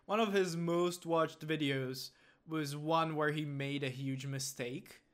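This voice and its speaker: A man hosting a casual podcast, chatty and quick to laugh as he trades stories. His voice sits a little higher than most men's. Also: steady tone. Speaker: podcast host.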